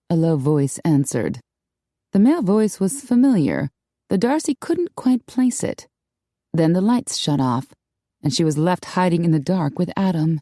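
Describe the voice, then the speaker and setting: Slow low-voiced woman narrator. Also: animated, mellow, dry recording, clean studio sound. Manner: measured, unhurried reading with wry asides. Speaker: audiobook narrator. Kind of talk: scripted narration.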